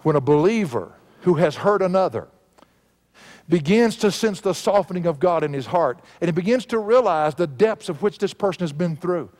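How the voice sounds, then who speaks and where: Male pastor, earnest expository sermon, slightly high voice, dynamic emphasis. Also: animated, normal speed, darkish tone. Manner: earnest preaching, swelling and dropping with emphasis.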